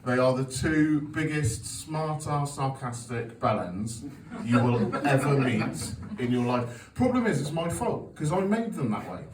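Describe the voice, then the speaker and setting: A man's voice: mid-range voice, animated, measured pace, few pauses, noisy background. A man in his forties doing a stand-up comedy set, telling sweary, self-mocking stories with an audience laughing along. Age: 40s. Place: comedy club stage. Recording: echoey venue, taped from a distance.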